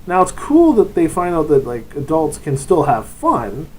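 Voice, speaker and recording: A man with a fairly high voice talks through tabletop gaming advice in a loose, unscripted way. He wanders between points and keeps slipping into quick put-on voices before coming back to his ordinary tone. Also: wildly swooping pitch, darkish tone, slightly rough, low-quality recording. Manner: rambling and digressive, often breaking into short put-on voices. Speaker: tabletop RPG vlogger and game master. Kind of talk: casual advice monologue.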